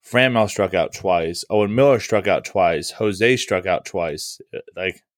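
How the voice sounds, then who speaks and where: A man's voice: low-pitched, unhurried, no echo, clean studio sound. A man co-hosting a baseball podcast, talking loosely with lots of fillers and swearing. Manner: loose and profane, many fillers. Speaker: podcast co-host. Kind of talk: casual sports podcast chat.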